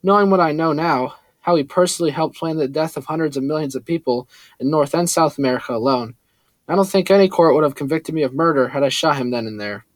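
A man reading a first-person story aloud in a steady, earnest way. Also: fairly high pitch, quick pace, no echo. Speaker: audiobook narrator. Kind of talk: first-person scripted narration.

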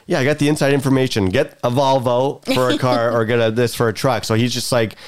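A man co-hosting a casual podcast chat, telling an animated anecdote and acting out the people in it. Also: mid-range voice, fast talker, smooth. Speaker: podcast co-host.

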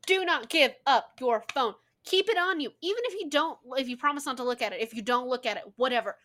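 A woman in casual reaction commentary, picking apart a film with sarcastic asides and plenty of swearing. Her voice sits on the higher side and jumps around with animated expression. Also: fast.

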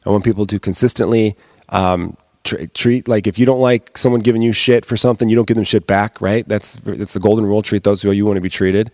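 Fast-talking, profane ranting man. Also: fairly low pitch, fairly even intonation, a little mellow, no room sound, studio quality. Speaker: comedian and podcast host. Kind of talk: casual solo podcast rant.

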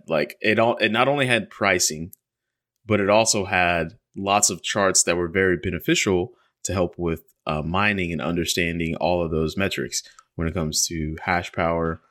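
A man hosting a podcast, telling a story in animated casual chat and laughing often. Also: low voice. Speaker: podcast host.

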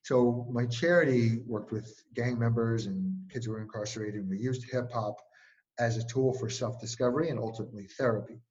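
A man speaks casually as an interview guest and speaking coach, his medium-pitched voice fairly quick on a lo-fi recording. He tells stories energetically, filling them with lots of "like."

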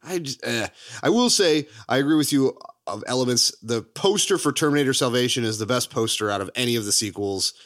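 A man co-hosting a podcast, chatting casually about movies, laughing often and jumping high in pitch for emphasis. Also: lively intonation, fairly quick, a bit bright. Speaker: podcast co-host.

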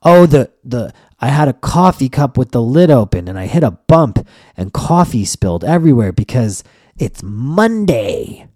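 A man voicing a whiny, self-pitying man who moans slowly and blames his bad luck on Mondays. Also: medium pitch, big pitch swings, dark tone, no echo, clean studio sound. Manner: whiny, drawn-out moaning.

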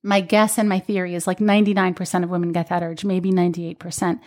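Animated woman telling a birth story. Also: on the low side, fast talker. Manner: animated storytelling with quoted voices. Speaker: birth educator. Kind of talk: casual podcast chat.

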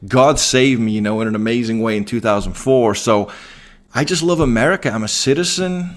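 A man's voice: mid-range voice, fairly quick. An English man in his forties hosts a podcast interview. He talks in an upbeat, joking way and keeps the chat light. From England. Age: 40s. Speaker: podcast host.

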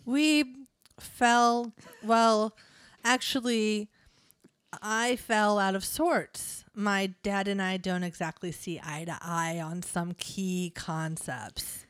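A woman's voice: medium pitch, clear, resonant tone, dry recording, natural voice. A woman reading the part of a sly male devil applying for a job, full of suggestive puns. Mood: smug. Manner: suggestive, punning, slow and drawling. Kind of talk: reading a comedy script aloud.

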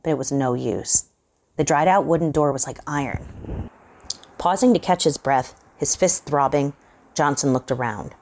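A woman hosting and reading a horror story aloud in a measured, suspenseful way. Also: deep voice, darkish tone. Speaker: host and reader.

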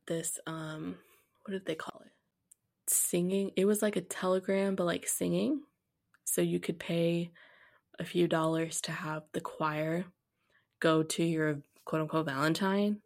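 Gravelly low-voiced woman telling a story. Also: a little mellow. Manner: candid, blunt, laughs often. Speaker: podcast host. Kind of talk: personal storytelling.

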